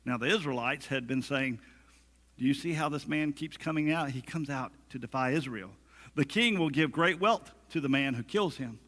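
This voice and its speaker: A pastor preaches a sermon in a church sanctuary, his voice mid-range and fairly bright, delivered at a moderate pace with a long reverb tail. He keeps it conversational, slipping in humorous asides and acting out quotes.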